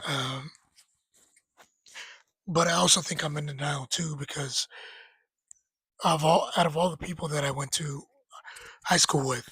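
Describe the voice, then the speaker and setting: Breathy man telling a personal story. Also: fairly high pitch, a little slow, long pauses, no room sound, rough recording. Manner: rambling, laughs while retelling, quotes friend in lively voices. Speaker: storyteller sharing grief.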